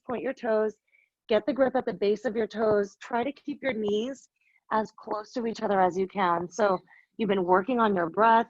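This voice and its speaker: A woman leading a yoga class, giving firm, steady cues with bits of encouragement. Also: medium pitch, dry recording, dull audio. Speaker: yoga instructor. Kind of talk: live class instruction.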